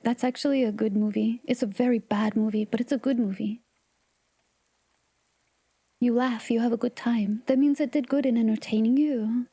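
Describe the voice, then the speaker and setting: High, chatty woman streamer with a mellow voice. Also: normal speed, breathy edge, no room sound. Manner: chatty, giggly, animated and playful. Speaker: livestream host. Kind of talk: casual livestream chat.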